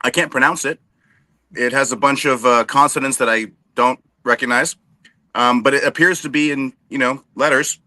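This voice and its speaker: A man's voice: medium pitch, steady tone, moderate pace, pushed and bright, dry recording. A man co-hosting a casual sports podcast, cracking dry self-deprecating jokes. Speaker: co-host.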